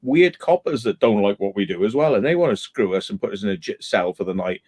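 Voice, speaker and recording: A man, talking in a measured, halting way full of restarts during a casual chat about urban exploring. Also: fairly low pitch, lively intonation, darkish tone.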